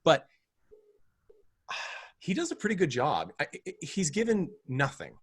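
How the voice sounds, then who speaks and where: A man's voice: on the high side, wildly swooping pitch, a little slow, husky, dry recording. A man co-hosting a film podcast, chatting casually and rambling with wry asides and frequent restarts. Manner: rambling, self-interrupting, wry. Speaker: podcast co-host. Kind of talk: casual film review chat.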